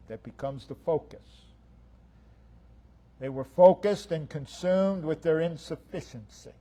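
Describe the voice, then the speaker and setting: Man pastor preaching slow, kinda high voice, punches single words then drops quiet. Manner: emphatic preaching, stresses single words, swings loud and soft. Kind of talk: sermon. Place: church sanctuary.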